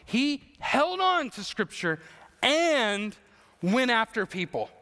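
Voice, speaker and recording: A male pastor preaching an earnest, emotional sermon with slow, emphatic phrases. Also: extremely high pitch, sing-song, pushed and bright, big-room sound.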